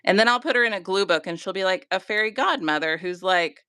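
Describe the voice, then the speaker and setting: A woman's voice: mid-range voice, lively intonation, quick pace, sharp tone, smooth, no echo, clean studio sound. A middle-aged woman from Georgia with a mild Southern accent, chatting casually and self-deprecatingly on a craft livestream. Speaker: guest crafter.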